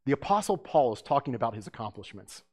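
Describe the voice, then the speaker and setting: A man's voice: sing-song, fast. A middle-aged man preaching a sermon, conversational and storytelling, full of rhetorical questions. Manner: hushed and low during prayer. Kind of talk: sermon with opening prayer.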